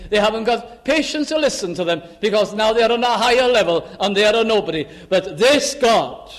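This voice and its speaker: High-voiced man preaching a sermon. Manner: swings from urgent raised pleas to hushed low asides; quotes scripture in old-fashioned wording. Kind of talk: sermon on a psalm.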